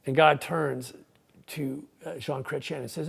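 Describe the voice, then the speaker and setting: Gravelly guy preaching, chatty sermon, stumbles and repeats a lot. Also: mid-range voice, moderate pace. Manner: conversational, repeats words when starting sentences. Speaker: pastor. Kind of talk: sermon with a joke.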